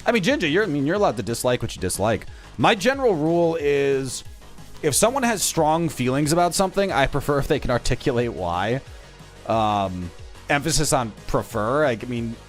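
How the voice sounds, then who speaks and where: Lively teasing male streamer. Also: medium pitch, brisk, faint music behind. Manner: playful, teasing, mock-insulting banter. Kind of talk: casual live-stream chat with viewers.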